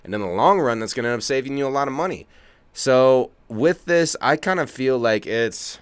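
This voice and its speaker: Smooth, clear-voiced man chatting casually. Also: mid-range voice, lively intonation, moderate pace, dry recording. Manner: laid-back, chuckling, rambling asides. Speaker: co-host. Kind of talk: casual podcast chat. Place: home studio, remote from co-host.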